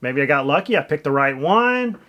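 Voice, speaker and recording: A man's voice: a little high, sing-song, a little fast, pushed and bright. Chatty, opinionated man vlogging. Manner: chatty, opinionated, asks viewers questions. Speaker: vlogger and real estate agent. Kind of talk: casual commentary vlog.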